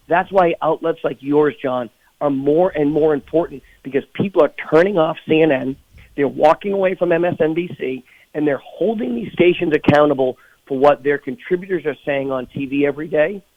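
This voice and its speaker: A man's voice: fairly high pitch, a little fast, dry recording, phone-quality sound. A man speaking as a guest on a radio talk show, indignant and emphatic. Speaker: political guest. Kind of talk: phone-in radio interview.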